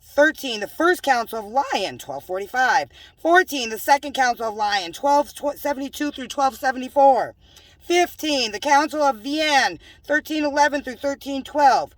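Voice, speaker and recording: A woman's voice: high-pitched, expressive, moderate pace, no echo, recorded from a distance. A woman preaching in a home-made religious video, emphatic and scolding, with joking asides. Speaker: self-styled religious preacher.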